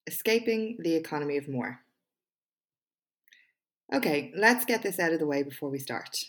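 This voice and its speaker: A young woman hosts her own solo podcast with a notably low speaking voice. She is candid and self-deprecating in conversation and reads her own speech with punchy, emphatic delivery. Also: expressive, moderate pace. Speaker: podcast host and small business owner.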